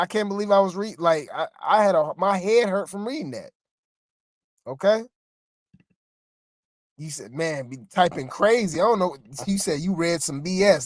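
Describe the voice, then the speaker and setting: A co-host rambles through celebrity gossip, exasperated, loose and chatty, often turning to address listeners. The mid-pitched voice is recorded dry and close, with no room sound at all.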